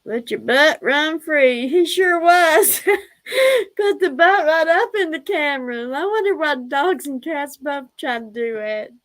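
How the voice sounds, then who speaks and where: A woman's voice: high voice, animated, measured pace, fairly bright tone, low-quality recording. A woman hosting a casual livestream, chatty, laughing often and fondly scolding her pets. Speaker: livestream host.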